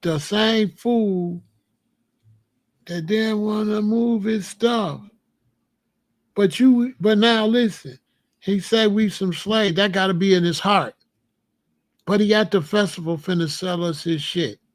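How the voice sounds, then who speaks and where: A man from the United States hosting a casual monologue, telling stories in an emphatic, profane, animated way. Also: high-pitched, slow, long pauses. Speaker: commentary host.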